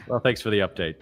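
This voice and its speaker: A man co-hosting a live trading show, teasing dryly and sarcastically with stammered restarts. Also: lowish voice. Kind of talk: casual live-stream chat.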